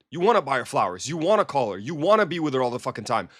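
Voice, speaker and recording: A man's voice: mid-range voice, very animated, rapid-fire, hardly any pauses. A man coaching men on dating in a blunt, emphatic monologue, full of rhetorical questions. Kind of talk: direct-to-camera advice monologue.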